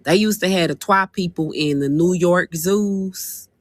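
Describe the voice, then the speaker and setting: A woman hosting a casual livestream and talking to her viewers on a phone mic. She is animated and exasperated, and she repeats herself. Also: lowish voice, unhurried. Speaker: livestream host.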